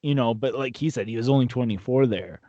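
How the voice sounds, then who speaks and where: A man's voice: mid-range voice, quick pace, dark tone, no echo, muffled recording. A man co-hosting a wrestling podcast, chatting casually and often stumbling over repeated words. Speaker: podcast co-host. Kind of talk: casual chat.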